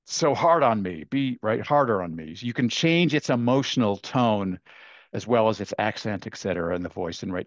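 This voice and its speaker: A man's voice: medium pitch, dry recording. Chatty guy lecturing on a webinar, talks with lots of ums and restarts, muffled lo-fi audio. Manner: animated, chatty, many fillers and restarts. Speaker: workshop presenter.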